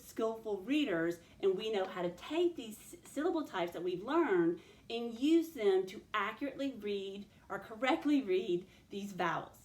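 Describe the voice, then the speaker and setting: Woman teacher, clear and methodical, speaking to students in a roomy space. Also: a little high. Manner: clear, step-by-step instructional delivery, addressing students directly. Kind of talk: recorded classroom phonics lesson. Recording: roomy echo.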